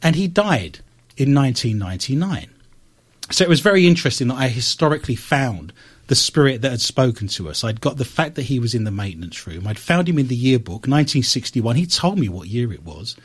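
A man's voice: medium pitch, a little fast, husky. A man hosting a radio talk show, telling stories and reading the news with wry asides. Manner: animated storyteller with wry asides.

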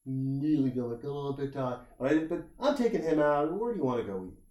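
A man's voice: medium pitch, fairly quick. Man telling a wild story, roomy sound. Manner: animated anecdote telling with quoted voices and swearing. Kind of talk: casual storytelling chat. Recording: roomy echo.

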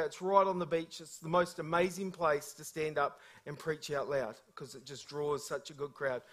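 A man preaches a sermon, telling humorous stories with lively, energetic delivery. His voice sits notably high for a man, and he talks like an animated storyteller in front of a congregation. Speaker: guest preacher.

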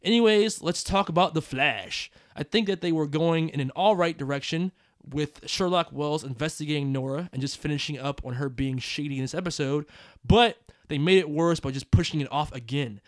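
A male podcast host reads listener emails out loud, breaking in with jokes and quick laughs. His voice sits a bit high. The recording is close and dry, with no room sound. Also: no room sound. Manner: reads aloud with joking asides, laughs often. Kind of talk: casual podcast chat.

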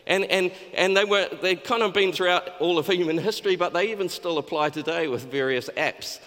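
A man's voice: sits high, brisk, fairly bright tone. A man preaching a sermon in a loose, conversational way, with frequent restarts and acted-out quotes. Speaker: pastor. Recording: long hall reverb.

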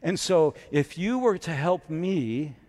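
A man's voice: a little high, expressive, takes it slowly, a little mellow. A male pastor delivering a sermon to a live congregation, talking casually with self-deprecating asides, then building to emphatic preaching. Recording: long reverb of a large hall.

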